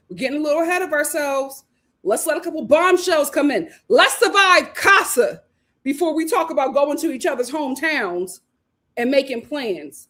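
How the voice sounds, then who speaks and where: Speaking directly to her viewers and laughing a lot, a Philadelphia-born woman in her thirties hosts a casual recap of a reality show. Her voice sits high.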